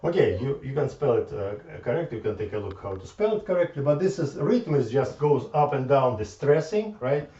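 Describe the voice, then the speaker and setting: A man giving an informal math lecture, halting and repeating words as he thinks aloud at the board. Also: mid-range voice, big pitch swings, warm tone. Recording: echoey room from far off, dull lo-fi sound.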